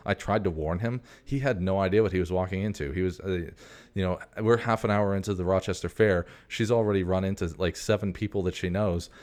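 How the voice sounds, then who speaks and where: Host, male, 40s, very low voice, loose profane rambling monologue, digressive. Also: a little fast, a little mellow.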